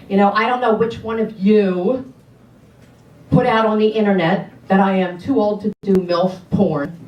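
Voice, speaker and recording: A woman's voice: mid-range voice, darkish tone, dull audio, a little hiss or hum. A middle-aged woman doing a stand-up comedy set, brash and sassy, talking straight to the audience. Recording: roomy sound from a distance.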